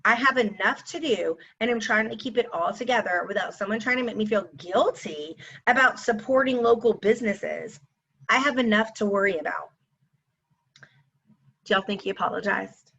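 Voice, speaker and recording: A woman's voice: medium pitch, moderate pace, creaky, sharp tone. Sassy woman ranting to camera. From Texas. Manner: sassy, exasperated, talks straight to viewers. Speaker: teacher and mother. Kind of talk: casual storytime rant to camera. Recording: slightly dull lo-fi recording.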